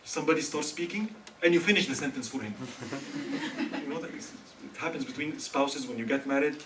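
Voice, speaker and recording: Addressing a student religious gathering, an Egyptian man mixes jokes and audience questions into a comic religious talk. His voice is a little high and fairly quick, recorded from afar in an echoey hall with faint hiss.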